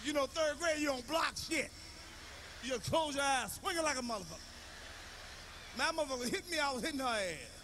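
A man doing loud, profane, animated stand-up comedy on stage, telling stories and shouting punchlines. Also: very high-pitched, a little fast, pauses often. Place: comedy stage before a live audience. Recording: live show recording with reverb and noise.

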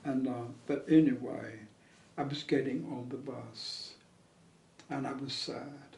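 An older man being interviewed, telling old memories in a halting way with many pauses and fillers. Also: medium pitch, steady tone, creaky, a little mellow, recorded from a distance. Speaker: interview guest. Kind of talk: reminiscing conversation. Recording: echoey room, voice off-mic.

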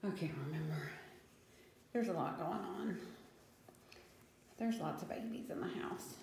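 A woman's voice: fairly low pitch, a little slow, gravelly, darkish tone, very echoey, a little hiss or hum, low-quality recording. A woman rescuing cats, chatting casually and rambling at home, now and then cooing baby talk to the animals. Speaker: cat rescuer vlogging. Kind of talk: casual chat. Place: room in a house.

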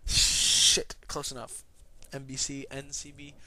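A young man vlogging a rambling comedic rant, swearing and bursting into shouts. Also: medium pitch, monotone, slow pace, dry recording.

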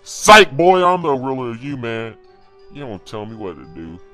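A teenage boy voicing a bossy male villain who threatens to swallow people, in a gravelly voice with mocking, drawn-out threats. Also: medium pitch, sing-song, bright, forceful tone, soft background music, voice pushed down. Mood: gloating.

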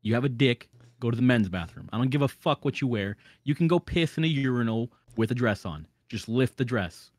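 Brief: male podcast host, forceful ranter, curses freely, dry close sound. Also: mid-range voice, animated, fairly quick, no echo. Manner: emphatic, heavy swearing, ranting. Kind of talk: casual podcast chat.

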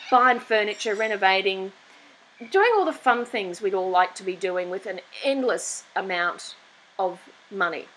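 A middle-aged woman host holding forth in a blunt, opinionated monologue. She restarts her sentences often as she rants. Her voice sits at an ordinary middle pitch. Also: fairly bright tone, slight background noise, rough recording.

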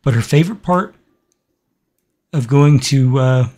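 A man hosting a casual game video, talking in a halting, reflective way with many pauses and fillers. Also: medium pitch, dark tone. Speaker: gaming channel host. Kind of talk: casual let's-play commentary with a personal story.

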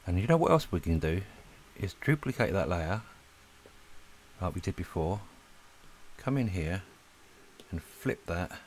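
A man rambling casually to viewers as he draws, relaxed and a little breathless. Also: deep voice, measured pace, a little hiss or hum. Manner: relaxed, rambling, talks to viewers while drawing. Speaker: art channel host. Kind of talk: casual chat while drawing. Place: lives in Spain.

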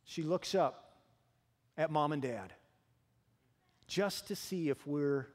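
A man preaching in a church, his fairly high voice ringing with a long reverb off the sanctuary walls. He tells lively, humorous stories about his family to the congregation. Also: slow pace. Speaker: pastor. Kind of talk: sermon with personal stories.

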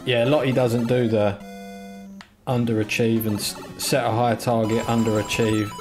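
A man with a mid-range voice chats his way through a live game stream in a casual, joking way, with frequent thanks to the chat. Game music plays clearly underneath him the whole time. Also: medium pitch, little pitch movement, normal speed. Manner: chatty, joking, thanks viewers.

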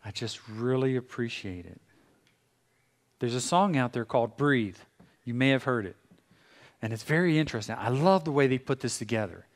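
A middle-aged American pastor preaching a sermon with dramatic pauses, now and then acting out voices. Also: male voice, mid-range voice, lively intonation. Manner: dramatic pauses, acts out God's voice and a busy morning. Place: church sanctuary.

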